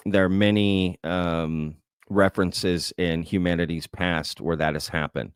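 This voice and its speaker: Low-voiced man hosting livestream. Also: steady tone, measured pace, smooth, no room sound, studio quality. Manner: conversational, thinking aloud with frequent "right?" and "um". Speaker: host. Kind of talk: livestream Q&A, reading chat comments.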